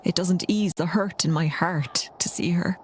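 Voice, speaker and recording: An actress voicing a gentle, grieving young mother in a video game, speaking softly and often half in a whisper. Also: lowish voice, moderate pace, slight background noise, natural voice. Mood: relieved.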